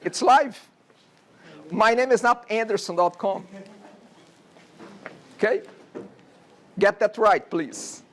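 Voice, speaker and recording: Slow and high-pitched, pausing often, a Brazilian college instructor in his forties lectures with a Brazilian Portuguese accent. The classroom talk is chatty, full of "okay?" check-ins, with a little hiss or hum in the recording.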